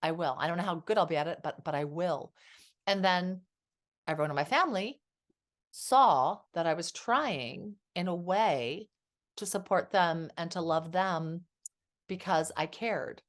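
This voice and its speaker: A woman's voice: lowish voice, measured pace. A middle-aged woman, a therapist guest on a podcast, telling stories and acting out the quotes. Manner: warm storytelling with acted quotes. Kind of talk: podcast conversation.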